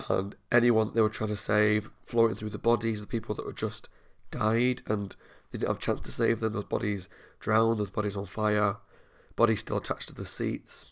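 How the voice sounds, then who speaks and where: A man with a gravelly, creaky edge to his voice, chatting through an episode review. He talks in an easy, openly emotional way and laughs at himself as he goes. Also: mid-range voice. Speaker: reaction video host. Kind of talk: casual spoken episode review.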